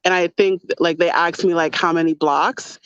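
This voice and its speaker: A woman's voice: lowish voice, steady tone, normal speed, clean tone, no echo, highs cut off. A woman from the United States hosting a podcast, chatting casually and often laughing while recounting stories. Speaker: podcast host. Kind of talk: casual conversation.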